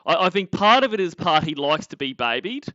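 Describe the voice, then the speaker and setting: A man's voice: on the high side, very animated, a little fast, bright, forceful tone, no room sound, muffled recording. A man with an Australian accent, co-hosting a casual chat and rambling with lots of fillers and restarts. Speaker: podcast co-host.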